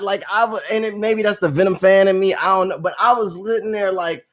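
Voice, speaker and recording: A man talking casually to his vlog audience, reviewing a movie with animated outbursts and low asides. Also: fast talker, hardly any pauses. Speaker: movie vlogger.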